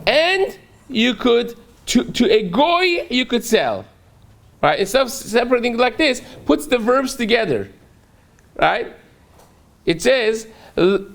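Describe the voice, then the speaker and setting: A man's voice: sits high, gravelly. A man, a rabbi teaching a daily Talmud class, who reads a phrase aloud, then explains it step by step and keeps checking in with a rhetorical "right?".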